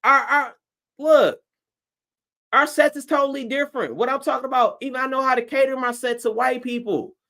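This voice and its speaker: A man from Detroit, a stand-up comedian, telling a story on a livestream in a profane, animated way and acting out his own reactions. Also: very high-pitched, a little fast, vocal fry.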